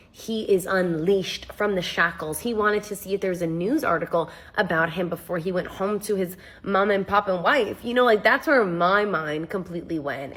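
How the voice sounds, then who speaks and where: A young woman animatedly telling a funny, jokey personal story in a casual storytime style. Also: fairly low pitch. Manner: animated, jokey, swears freely.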